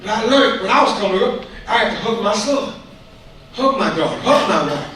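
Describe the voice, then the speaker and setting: A man from the community gives the school board a passionate, moralizing comment, saying things more than once in plain talk. He sounds high-pitched, expressive and fairly bright, moving fairly quickly. It's recorded far away in an echoey room with light noise.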